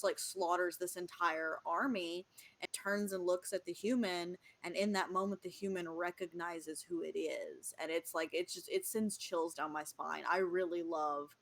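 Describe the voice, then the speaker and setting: A woman co-hosting a podcast, chatting casually and enthusiastically, with rambling sentences full of fillers. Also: on the low side. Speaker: podcast co-host. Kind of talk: casual chat and reading writing prompts.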